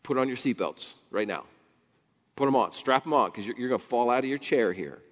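A man preaching a sermon, animated and building to near shouts, quoting scripture and acting out the crowd's voices. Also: mid-range voice, a little fast. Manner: animated, rising to near shouts on key points. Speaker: pastor. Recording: dull sound with long hall reverb.

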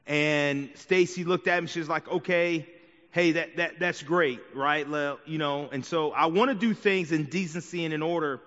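Man, fairly high voice, preaching, conversational asides, long church reverb, muffled sound. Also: a bit bright. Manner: conversational preaching with frequent "right?" and "okay?" asides. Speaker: pastor. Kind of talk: sermon. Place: church sanctuary.

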